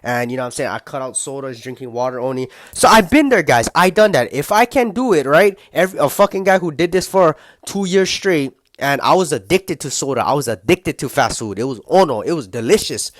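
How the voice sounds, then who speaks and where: A young man with a slightly high voice rants in a casual, profane way about giving up junk food. He rambles and gets fired up. The sound is close and dry, with no room echo. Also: expressive, brisk, few pauses. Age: young adult. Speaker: motivational vlogger. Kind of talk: casual motivational rant.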